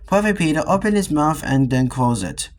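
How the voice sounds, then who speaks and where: A man's voice: a little high, expressive, normal speed, slight background noise. A man reading a children's storybook aloud, often stumbling and restarting words.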